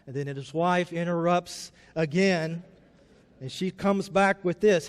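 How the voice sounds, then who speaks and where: Male pastor, conversational storytelling sermon; high voice, chapel reverb. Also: slow pace, clean tone.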